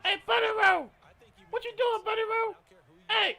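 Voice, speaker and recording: A man imitating another man loudly shouting out to a coworker. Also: extremely high pitch, fairly even intonation, moderate pace, gravelly, pitched above the performer's own voice, full character voice. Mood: hollering. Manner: shouting, calling out. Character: loud man hollering a coworker's name.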